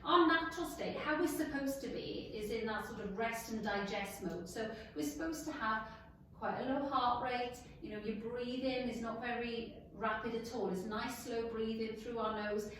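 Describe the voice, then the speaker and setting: A woman co-hosting a casual live wellness chat from a clinic. She explains things and lists them in quick runs. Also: a little high, fairly bright tone, a little hiss or hum. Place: clinic room. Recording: echoey room, voice from a distance.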